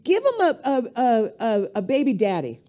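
Animated, foul-mouthed middle-aged comedienne. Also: female voice, normal speed. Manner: animated, profane, rambling, with sudden jumps in pitch. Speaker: comedian guest. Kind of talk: comedic podcast rant.

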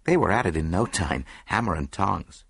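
A man's voice: deep voice, animated, normal speed, creaky, a bit bright, breathy edge, dry recording, heavily acted. A man voicing a nervous young male secretary in an audiobook, talking in a rambling way.

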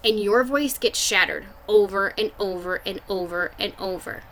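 A woman's voice: mid-range voice, moderate pace, fairly bright tone. A young adult woman hosting a podcast, telling a personal story in a candid, casual way, swearing freely and filling with "like". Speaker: podcast host.

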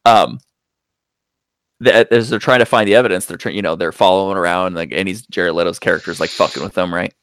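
A man co-hosting a podcast, casually recapping a film in a rambling, profane way, jumping into loud acted-out quotes. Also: low voice, brisk, smooth. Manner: rambling, profane, acts out quotes with big voice jumps. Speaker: podcast co-host reviewing movies. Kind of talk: casual chat.

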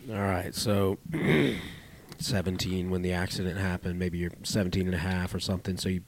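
Low-voiced male podcast host. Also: normal speed. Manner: laid-back, probing follow-up questions. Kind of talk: interview questions.

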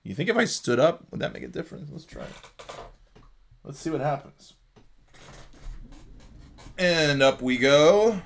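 A man's voice: a little high, sing-song, unhurried, long pauses. A man hosting a casual solo podcast, sleepy and yawning, ranting sarcastically with plenty of swearing. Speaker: podcast host.

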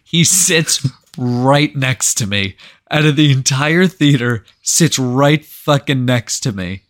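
A man's voice: medium pitch, animated, slow, slight background noise. A man co-hosting a podcast. He tells a story in a rambling, casual way, full of "like" and freely swearing. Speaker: podcast co-host.

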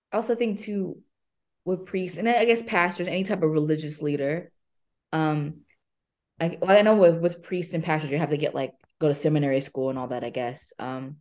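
A woman's voice: low-pitched, darkish tone. A young woman co-hosting a podcast in casual chat, hesitant and thinking aloud with lots of fillers. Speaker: podcast co-host.

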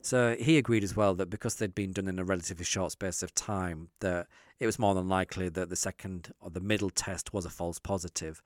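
A man's voice: low voice, fairly even intonation, a little fast, few pauses, no room sound, studio quality. A man telling a candid story in casual chat, acting out the dialogue of the people in it. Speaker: guest storyteller.

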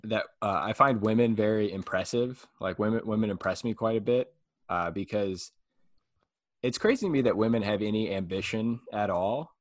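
A man hosting a comedy podcast, talking in a rambling, halting way and laughing often between thoughts. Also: fairly low pitch, no echo. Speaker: podcast host and stand-up comedian. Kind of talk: casual podcast chat.

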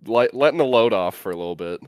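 Young Midwestern man, podcast co-host, meandering and relaxed, low and smooth. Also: fast, dry recording. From US Midwest, Great Lakes state. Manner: rambling, filler-heavy, relaxed. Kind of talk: casual chat.

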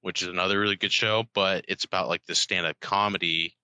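A man's voice: low voice, steady tone, a little fast, pushed and bright, clear, resonant tone, dry recording, lo-fi sound. A man in laid-back casual chat, agreeing often and talking with lots of filler words.

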